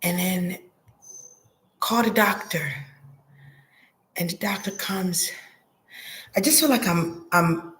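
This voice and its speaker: A woman's voice: fairly low pitch, takes it slowly, long pauses, fairly bright tone, a little hiss or hum. A woman giving a psychic reading in a hesitant, murmuring way, repeating words and trailing off. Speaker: psychic reader. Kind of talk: intuitive reading monologue.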